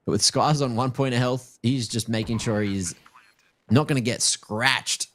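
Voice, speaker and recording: A little slow and fairly bright in tone, this man's medium-pitched voice carries live play-by-play of a video game match through a headset. He's a chatty, joking esports caster who likes to tease players and viewers.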